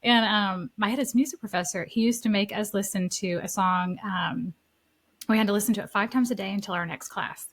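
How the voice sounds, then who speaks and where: A woman who coaches leaders talks casually as a podcast guest. Her voice sits at a middling pitch, and she speaks in an animated way that keeps drifting onto tangents. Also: fairly quick. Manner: animated, laughing, tangent-prone. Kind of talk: casual conversational interview.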